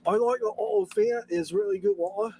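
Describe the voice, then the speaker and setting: Playful high-voiced man. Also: fairly quick, dark tone, breathy edge. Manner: playful, goofy, stirring the pot. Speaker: stream host. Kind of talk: casual banter.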